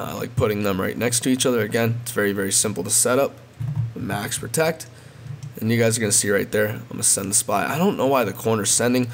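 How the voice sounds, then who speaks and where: Casual man with a lowish voice, gameplay tutorial, faint hiss behind. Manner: repetitive, addresses viewers as guys. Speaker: gaming video creator.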